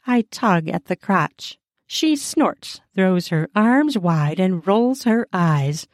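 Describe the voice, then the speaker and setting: Slow, playful woman audiobook narrator. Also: medium pitch, lively intonation, no room sound, clean studio sound. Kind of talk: first-person adult romance narration.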